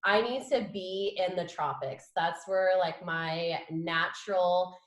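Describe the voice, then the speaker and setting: A woman's voice: lowish voice, takes it slowly, echoey room, poor audio. A woman from San Diego, a guest talking enthusiastically and with laughter in casual chat. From San Diego, California.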